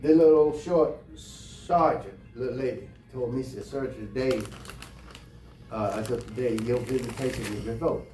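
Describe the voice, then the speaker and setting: A man's voice: medium pitch, moderate pace, mellow. Blunt, profane man telling a story. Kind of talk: casual anecdote telling. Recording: roomy, distant mic, faint music.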